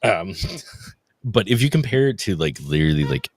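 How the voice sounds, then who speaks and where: A man co-hosting a live stream, joking and swearing through loose banter. His low voice swings widely in pitch. The sound is dry and close. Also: normal speed, slightly rough, no room sound. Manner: profane, joking, lively. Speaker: co-host.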